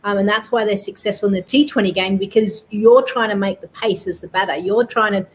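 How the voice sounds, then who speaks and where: A woman giving relaxed cricket analysis on a talk show. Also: mid-range voice, a little hiss or hum. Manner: easygoing, measured, with fillers. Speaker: cricket pundit.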